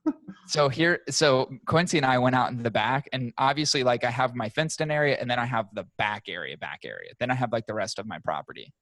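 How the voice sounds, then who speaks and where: A young man, a podcast co-host, telling a profane, animated story in casual chat. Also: mid-range voice, fast talker, no echo.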